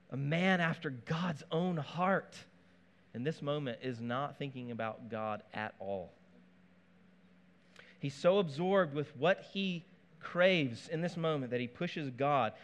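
A man preaching a sermon in a conversational, animated way, with asides and playful touches. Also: on the high side. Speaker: pastor.

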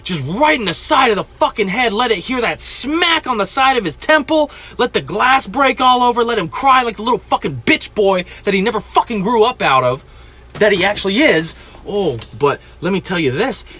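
Podcast host, 20s man, angry profane storyteller, bright sharp voice. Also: high voice, expressive, moderate pace, breathy edge. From New Jersey. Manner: furious, profane, ranting.

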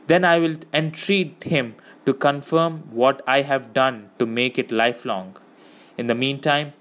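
A man's voice: medium pitch, lightly acted. A man reading an audiobook, voicing a stern young male captain who speaks formally and solemnly.

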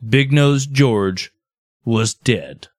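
A married man telling an Old West story on a podcast in a relaxed way, drifting into joking asides. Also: medium pitch, extremely slow, dry recording, studio quality.

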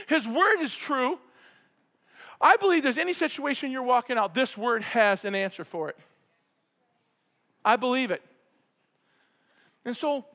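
A man preaching a sermon, fervent and often yelling with excitement. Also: very high-pitched. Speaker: pastor. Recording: preacher in a hall with long reverb.

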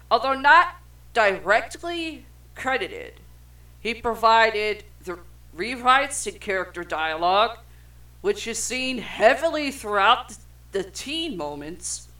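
A young adult podcast co-host reads film trivia aloud at an unhurried pace, in a bright, clear-edged tone. The delivery is loose casual chat, peppered with swearing and stumbles over the script. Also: medium pitch. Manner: profane, stumbles over words while reading.

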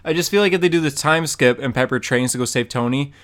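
A young man co-hosting a podcast in casual chat, animated and laughing often, slipping into mock voices. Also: mid-range voice, quick pace. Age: young adult. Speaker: podcast co-host.

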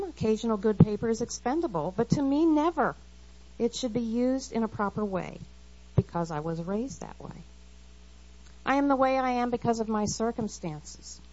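A middle-aged woman with a mid-range, darkish voice reads aloud an earnest, confessional devotional talk to women, quoting scripture as a women's Bible study speaker. The recording is slightly dull and lo-fi.

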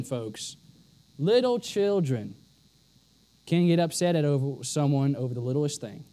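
Male preacher, high-pitched voice, emphatic and repetitive delivery, sermon style. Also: expressive, unhurried, pauses often, dark tone. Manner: emphatic, repeats lines for stress.

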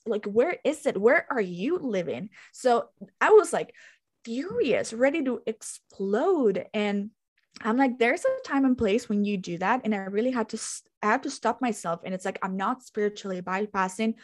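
A woman talking fast and forcefully on a casual podcast, cursing freely as she makes her points. Her voice sits at an ordinary middle pitch. She leans hard on her words and keeps the talk loose and unscripted. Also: expressive. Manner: emphatic and swearing. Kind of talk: casual spiritual chat. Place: lives in the United States.

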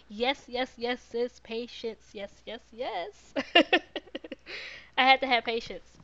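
Speaking slowly in a fairly high, expressive voice, a woman podcast host chats casually with her live viewers, answering their comments and warmly repeating words of encouragement. The high frequencies are cut off in the audio.

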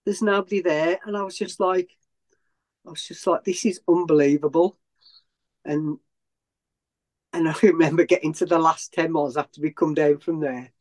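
A man's voice: fairly high pitch, steady tone, normal speed, pauses often, a little mellow. A man, a runner being interviewed, who tells a long story in a rambling way with many restarts and self-corrections. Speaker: ultrarunner guest.

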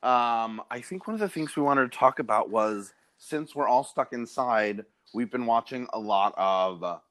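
A man co-hosting a casual chat who tells animated stories and laughs often. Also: medium pitch, moderate pace. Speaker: podcast co-host. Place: lives in Los Angeles.

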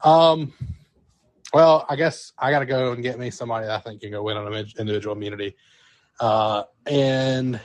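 A mid-pitched man co-hosting a relaxed podcast. He talks with plenty of ums and uhs and laughs easily, in a sentimental tone. His voice is dry and close to the mic. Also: no echo. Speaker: podcast co-host. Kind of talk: casual chat.

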